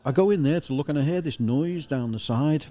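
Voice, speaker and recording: A man's voice: on the high side, brisk, mellow. A middle-aged man, a former football press officer, telling rambling stories as a guest with many "you know" asides. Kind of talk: casual storytelling chat.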